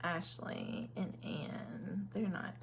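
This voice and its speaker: A woman's voice: fairly low pitch, steady tone, drawn-out words, gravelly, a little hiss or hum. A woman from Kentucky with a Southern accent, hosting a casual makeup live stream and chatting with viewers by name between many ums.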